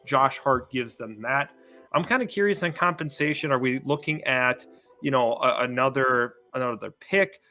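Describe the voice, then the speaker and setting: A man's voice: medium pitch, normal speed, sharp tone, soft background music. A man co-hosting a live basketball stream, analyzing a breaking trade and thinking aloud. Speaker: co-host. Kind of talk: live sports talk.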